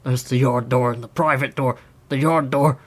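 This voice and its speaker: A man's voice: medium pitch, steady tone, normal speed, natural voice. Man voicing a burly barman, blunt and flustered, storybook.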